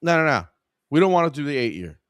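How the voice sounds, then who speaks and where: A man putting on the voice of a dim, stubborn giant of a male customer, with flat, slow-witted replies. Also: fairly high pitch, clean tone, no echo, clean studio sound, voice pushed up. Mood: dopey.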